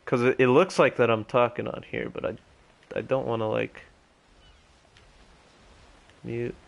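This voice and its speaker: A young man streaming a game live, muttering to himself with halting restarts and casual swearing. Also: mid-range voice, level tone, gravelly.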